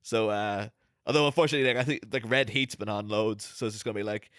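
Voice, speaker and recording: A man's voice: lowish voice, fast, a bit bright, clean tone, no echo, clean studio sound. A man co-hosting a podcast, rambling with lots of fillers and restarts, laughing as he goes. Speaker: podcast co-host. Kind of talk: casual chat.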